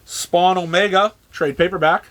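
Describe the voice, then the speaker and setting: A man casually running through a comic shop's weekly new releases, listing titles with dry, sarcastic asides and halting restarts. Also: sits high, fairly even intonation, fairly bright tone.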